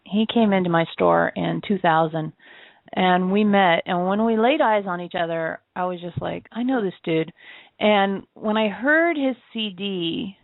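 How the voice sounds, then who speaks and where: A woman's voice: medium pitch, unhurried, gravelly, no echo. A woman co-hosting a talk show, telling personal stories in an easy, musing way and laughing often. Her voice comes through a thin, phone-like line. The sound is close and dry, with no room around it. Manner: reflective storytelling with frequent laughs. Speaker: co-host of an internet radio show. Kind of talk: casual chat. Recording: tinny phone-line audio.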